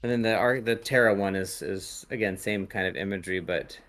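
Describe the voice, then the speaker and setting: Rambling man with a lowish voice. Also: a little fast, fairly bright tone. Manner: rambling, hesitant, lots of ums. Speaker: podcast host reading tarot. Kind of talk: casual chat.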